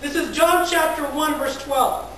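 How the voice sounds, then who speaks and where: A woman's voice: sits high, fairly even intonation, normal speed, slight background noise. A woman pastor giving a conversational sermon, often repeating words and asking the congregation questions. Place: large echoey church hall. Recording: very echoey church hall from far off.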